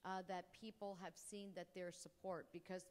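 A woman's voice: lowish voice, level tone, moderate pace. Woman moderator asking questions in a hall. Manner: probing questions. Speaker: moderator, TV host. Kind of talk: moderating a panel discussion. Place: large hall at a public forum. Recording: long hall reverb.

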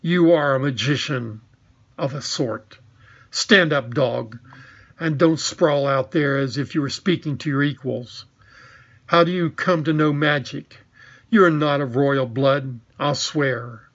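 A man's voice: medium pitch, slow, a bit bright, lo-fi sound. Witch queen, proud and cruel, commanding and scornful, played by a male storybook reader.

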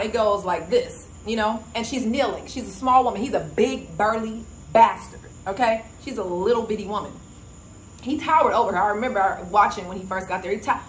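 A woman's voice: fairly high pitch, slight background noise. Indignant woman vlogger, echoey room. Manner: emphatic, indignant retelling. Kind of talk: casual commentary. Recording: echoey room with faint ambience.

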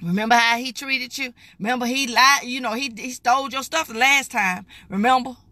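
A woman's voice: fairly high pitch, a little fast, sharp tone, no room sound. A middle-aged woman preaches an emphatic, folksy live-streamed morning devotional, calling her viewers "baby.". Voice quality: raspy.

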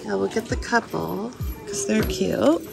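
A woman chatting casually in a shopping vlog, excited and gasping as she browses a store, with music playing behind her. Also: mid-range voice, unhurried, creaky. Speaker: thrift reseller vlogger.

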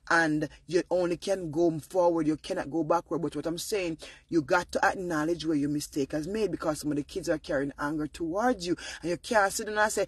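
A young Jamaican man with a bright, high-set voice talks to his viewers in a loose monologue. He leans hard on his points and keeps pushing up toward a near-shout. The sound is close and dry. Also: fairly quick, husky, dry recording. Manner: emphatic, often rising to near-shouting. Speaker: vlogger.

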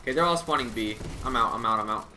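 A young man giving live commentary on his own gameplay, muttering callouts and bursting into frustrated yells. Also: medium pitch, quick pace, slight background noise. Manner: excitable, swings from muttering to yelling in frustration. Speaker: gamer streamer.

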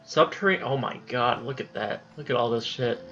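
A man's voice: mid-range voice, fairly quick, a bit bright, faint music behind. Casual gaming host, man, rambling and swearing, slightly dull lo-fi sound. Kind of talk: casual gameplay commentary.

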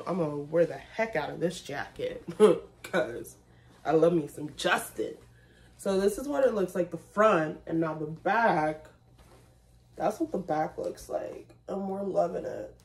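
A young woman chatting casually to her viewers in a vlog, talking to them directly and breaking into excited bursts. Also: on the low side, measured pace, creaky. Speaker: vlogger.

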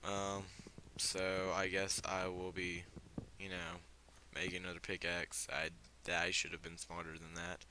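A man's voice: deep voice, monotone, a little slow, bright, forceful tone, slight background noise. A young man giving casual, filler-heavy gameplay commentary, given to startled outbursts. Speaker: let's play gamer.

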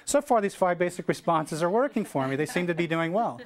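A middle-aged American man giving a keynote speech, telling a story and acting out the dialogue with lively energy. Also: sits high, fairly quick. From United States. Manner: animated storyteller acting out dialogue, shouting cheers. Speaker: keynote speaker.

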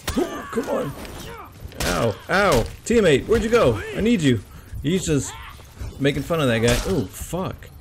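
A man talks over his own gameplay, swearing freely and yelping or groaning as things go wrong or right. His voice is gravelly, with pitch swinging widely and an unhurried pace. A faint hiss of noise sits behind him. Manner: swearing, excitable yelps and groans. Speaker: gamer commenting on his own play. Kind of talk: casual gameplay commentary.

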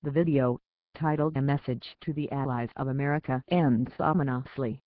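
A man reading a scripted news story in a steady read-aloud manner. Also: mid-range voice, moderate pace, dry recording. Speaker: news reader. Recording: tinny phone-like dry sound.

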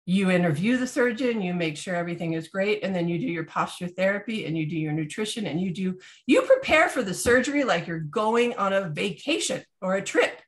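A woman's voice: lowish voice, fairly quick, hardly any pauses. A woman in her thirties, a health podcast co-host, chatting casually and acting out the people in her story with shifts in voice. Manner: animated storyteller acting out quotes.

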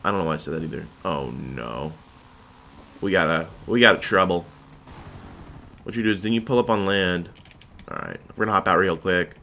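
Bright-voiced young man chatting over gameplay. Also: sits low, moderate pace, gravelly, long pauses, a little hiss or hum. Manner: rambling, jokey, chatty. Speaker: gaming video host. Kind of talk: casual gameplay commentary.

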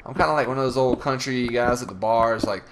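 A young Southern US man with a mid-range voice talks briskly over a noisy background. As a let's play host, he chats and grumbles through profane gameplay commentary.

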